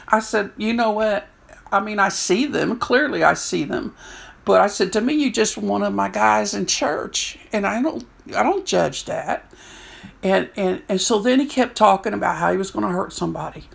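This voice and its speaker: A woman in her sixties, a prison chaplain, telling stories in an animated way and acting out what people said. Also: mid-range voice, normal speed, gravelly. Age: 60s. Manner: animated storyteller, acts out quotes. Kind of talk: storytelling talk.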